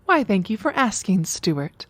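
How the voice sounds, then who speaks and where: A woman's voice: mid-range voice, very animated, unhurried, no room sound. An actress playing a cold upper-class mother who speaks in precise, cutting insults.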